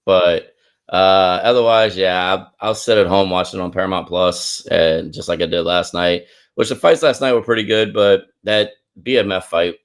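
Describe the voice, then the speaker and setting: Man, deep voice, podcast co-host, casual sports chat, easygoing. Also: fairly even intonation, normal speed. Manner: easygoing, loose and conversational.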